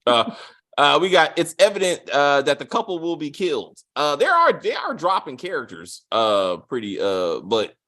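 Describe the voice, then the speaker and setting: Animated, profane man reviewing a TV episode. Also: a little high, normal speed. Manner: animated, profane, acts out quotes with swings in voice. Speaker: TV review host. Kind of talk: casual spoiler review chat.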